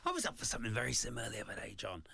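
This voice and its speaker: A man's voice: medium pitch, gravelly, bright, forceful tone, slightly rough, no room sound. A man co-hosting a podcast in casual chat, jokey and playful, often slipping into silly voices. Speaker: podcast co-host, comedian.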